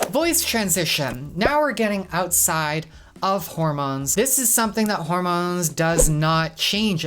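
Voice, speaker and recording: Candid woman vlogging to camera. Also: fairly low pitch. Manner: candid, reflective and chatty. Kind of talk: casual talk to camera.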